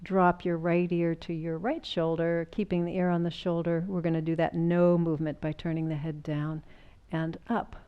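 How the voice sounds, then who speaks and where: A woman teaching a chair yoga class, calmly guiding movements and explaining the breath and the body. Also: on the low side, moderate pace, clean tone, muffled recording. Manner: calm, explanatory, gently encouraging. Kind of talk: guided exercise class.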